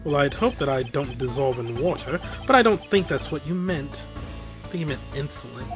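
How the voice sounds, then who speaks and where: A man voicing a composed male prosecutor in a measured, formal, dry manner. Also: mid-range voice, music in the background, voice pushed down, lightly acted.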